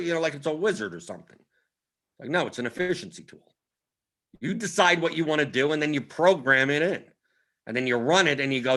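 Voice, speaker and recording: Animated man breaking down fantasy picks. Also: on the high side. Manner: animated, quick restarts and repeated words. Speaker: fantasy sports analyst host. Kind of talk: strategy breakdown over a screen share.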